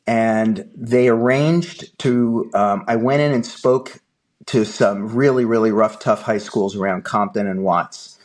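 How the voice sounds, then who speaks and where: An older man, a film producer guest, telling a long anecdote in an animated way and acting out the dialogue. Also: lowish voice, slow. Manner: lively anecdotal storyteller, acts out dialogue. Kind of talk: animated storytelling.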